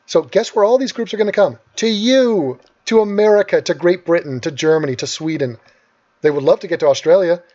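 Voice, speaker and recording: Guy ranting angry n sarcastic over clips, swears a lot, kinda high voice, dull lo-fi sound. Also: a little mellow. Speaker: host.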